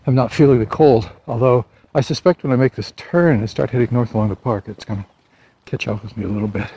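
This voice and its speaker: A man's voice: medium pitch, fast talker, dark tone. A man chatting casually to the camera while out on a walk, rambling and poking fun at himself. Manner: rambling, chatty, self-deprecating. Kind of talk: casual walking vlog monologue. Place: outdoors on a walk through a neighborhood. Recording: clear outdoor background noise.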